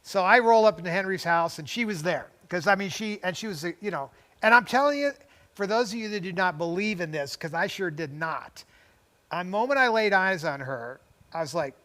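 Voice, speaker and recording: An older man with a high-pitched voice spins a long story in easy conversation. He wanders into tangents, restarts his sentences and chuckles along the way as a talk-show co-host. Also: lively intonation, a little fast, bright, forceful tone. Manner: rambling, goes off on tangents with frequent restarts; chuckles between phrases. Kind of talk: casual storytelling chat.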